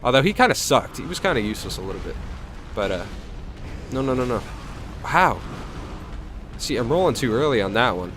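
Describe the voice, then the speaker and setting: Animated man narrating his gameplay. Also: medium pitch, fairly quick, long pauses, slight background noise. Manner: chatty running play-by-play, self-mocking. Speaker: gameplay host. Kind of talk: let's play commentary.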